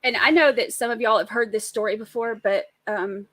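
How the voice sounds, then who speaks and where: A middle-aged woman co-hosts a casual live-stream show recapping a trial, chatty and emphatic. Her voice is a little high and fairly bright, at a normal speed, with no echo.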